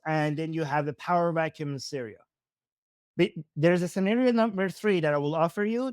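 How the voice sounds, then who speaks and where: A man's voice: a little high, no echo, clean studio sound. A man with a Persian accent giving casual live commentary on videos, thinking aloud with frequent restarts and self-corrections.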